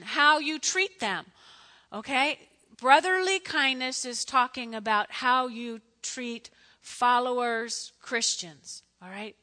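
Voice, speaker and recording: A middle-aged woman gives a chatty sermon full of family stories, her voice high and bright. She talks straight to her listeners, asks them questions and keeps an animated, storytelling flow. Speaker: preacher. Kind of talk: conversational sermon with personal stories.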